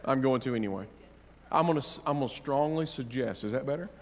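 A male pastor preaching a sermon, swinging between loud, fervent declarations and quiet, gentle counsel, with playful asides to the congregation. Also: mid-range voice, fast, long reverb tail.

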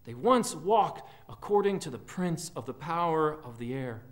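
A man preaching a sermon as a pastor in a church, earnest and often dropping quiet at the ends of phrases. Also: on the high side, animated, moderate pace. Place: church sanctuary.

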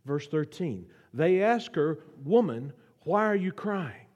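Man, guest preacher, sermon, slightly high voice, dramatic hushed and loud swings, call-and-response. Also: very animated, takes it slowly, highs cut off. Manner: asks the audience to repeat lines. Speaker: guest pastor.

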